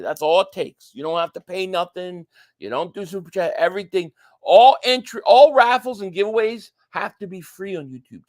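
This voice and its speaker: A man's voice: high-pitched, no room sound, clean studio sound. A man hosting a casual live stream, chatting and reading viewer comments aloud.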